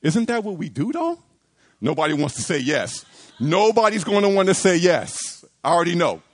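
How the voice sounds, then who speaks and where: A man's voice: high voice, big pitch swings, normal speed. A man preaching a sermon, asking rhetorical questions, repeating phrases and acting out quoted pleas.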